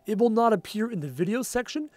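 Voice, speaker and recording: A man's voice: sits high, lively intonation, fast talker. Tired, chatty man streaming late. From Canada. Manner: chatty and rambling, trailing off quietly at phrase ends. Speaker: gaming livestreamer. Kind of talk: casual livestream chat, reading viewer comments aloud. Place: home.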